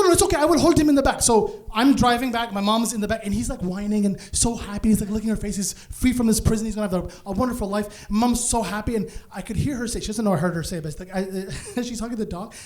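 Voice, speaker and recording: A man doing live stand-up on a comedy stage, telling a long story in a lively way. His voice sits high for a man. He slips into other people's voices and breaks into sudden shouts. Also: a little hiss or hum. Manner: animated, acts out voices, bursts into shouts.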